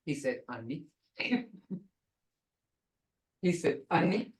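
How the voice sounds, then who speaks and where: A woman teaching a beginner language class over a video call, slowly sounding out each syllable for her students. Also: mid-range voice, big pitch swings, fairly bright tone. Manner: slow, deliberate, sounding out syllables.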